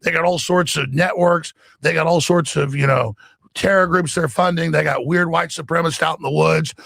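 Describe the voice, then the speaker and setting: Man, gravelly raspy voice, emphatic rant, dry sound. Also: fairly high pitch, steady tone, normal speed, a bit bright, dry recording. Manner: emphatic, acts out quoted voices. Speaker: talk show guest. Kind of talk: excited ranting monologue.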